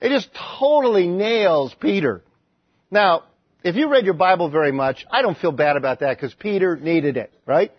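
Husky high-voiced male preacher. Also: moderate pace, no echo. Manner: conversational, animated storytelling with frequent restarts. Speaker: pastor. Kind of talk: sermon. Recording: dry, slightly dull recording.

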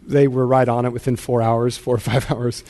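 A man's voice: mid-range voice, flat delivery, moderate pace, dark tone. Male pastor in his thirties, casual self-deprecating sermon delivery, mid-range voice. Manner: casual storytelling, self-deprecating, repeats words often.

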